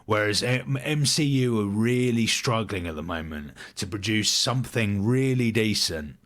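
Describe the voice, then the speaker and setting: This is a man from the UK co-hosting a casual podcast. His voice is fairly low. He talks in a relaxed, opinionated way, building his argument point by point. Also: normal speed. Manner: opinionated and explanatory, calls his friend mate. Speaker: podcast co-host. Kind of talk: casual chat.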